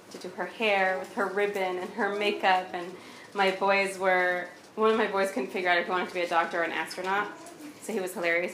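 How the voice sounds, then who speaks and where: A guest in her thirties tells a personal story in a candid, conversational way, acting out the dialogue as she goes. Her voice is on the low side with a fairly bright tone, recorded with roomy echo and slight background noise.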